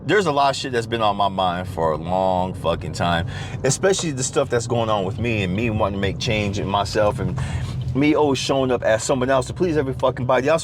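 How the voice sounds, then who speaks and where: A man's voice: fairly low pitch, fairly quick, slight background noise. A middle-aged man hosting his own podcast, ranting casually from his car, swearing heavily and restarting his sentences. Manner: animated, rambling, heavy swearing, frequent restarts. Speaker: podcast host. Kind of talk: casual profane rant. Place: in a car at a drive-through.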